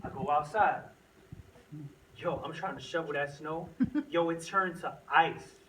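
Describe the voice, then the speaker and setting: A young man tells a slangy, animated story to a youth group, recorded in an echoey room from a distance. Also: fairly high pitch, unhurried, a loud crowd. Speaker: youth speaker. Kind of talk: storytelling talk to teens. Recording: echoey room, from the mic, faint noise.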